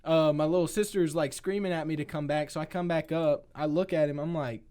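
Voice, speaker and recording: A man's voice: a little high, fairly even intonation, brisk, darkish tone, clean tone. A man co-hosting a podcast, telling a rambling family story in casual chat and acting out the quotes. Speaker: podcast co-host.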